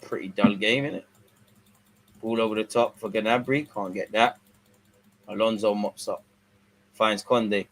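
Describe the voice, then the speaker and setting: A young man giving casual, slangy live football commentary, swinging between excited outbursts and low mutters. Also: a little slow, pauses often. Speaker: watch-along streamer.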